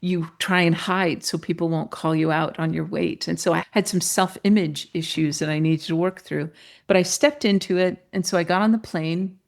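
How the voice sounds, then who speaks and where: A woman's voice: on the low side, normal speed, vocal fry. A middle-aged woman shares a personal story as an interview guest. She tells it with energy and brings other people to life by acting out their voices. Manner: lively storyteller who acts out the voices of others. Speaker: podcast guest.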